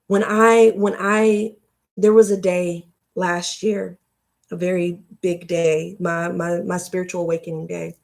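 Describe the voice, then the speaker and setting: In her late twenties, this livestream host gives a heartfelt motivational talk, hammering her points home through repetition like a preacher before turning soft and emotional. She has a lowish voice with vocal fry.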